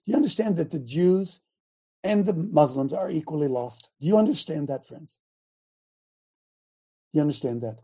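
Male radio preacher, high-pitched with a dark tone; emphatic, halting delivery, reads scripture and breaks off for asides. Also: expressive, slightly rough. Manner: emphatic, fires repeated rhetorical questions; halting, with frequent restarts and asides. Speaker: host of a religious broadcast.

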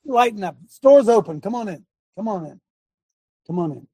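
Gravelly, husky high-voiced preacher. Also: male voice, expressive, moderate pace, dark tone, dry recording. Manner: folksy, emphatic, talks to his tech aloud. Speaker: preacher hosting a live show. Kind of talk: casual preaching commentary.

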